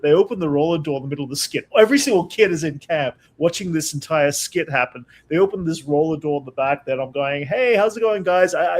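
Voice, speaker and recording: A young man telling a camp story in casual chat, laughing often as he goes. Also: fairly high pitch. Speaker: guest.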